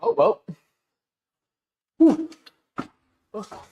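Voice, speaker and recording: A woman's voice: extremely slow, warm tone. A woman live streamer in casual chat with her audience, rambling with lots of restarts, laughing at herself while she paints a wall. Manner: self-deprecating and laughing easily.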